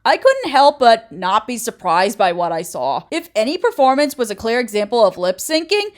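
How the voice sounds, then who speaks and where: Sassy woman in her twenties, lively. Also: fairly high pitch, moderate pace. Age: 20s. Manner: sassy, blunt, opinionated. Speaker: YouTuber. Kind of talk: commentary video essay narration.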